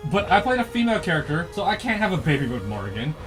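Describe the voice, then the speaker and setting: Guy ranting thru a game plot, swears a lot, laughs, voice jumps all over, music low in back. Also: rapid-fire. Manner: animated, swearing, laughing, acting out lines in character. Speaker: comedy host recapping a game. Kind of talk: comedic plot recap.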